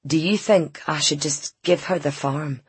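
A woman's voice: sits low, unhurried, breathy edge, no room sound, heavily acted. A woman voicing a gloomy, stubborn male farmer in an audiobook, subdued and taciturn.

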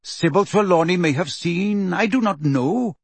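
A man reading a calm, aloof male centaur teacher in a slow, measured voice for an audiobook. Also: high voice, breathy edge, dry recording, pitched above the performer's own voice, heavily acted. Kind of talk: audiobook character voice.

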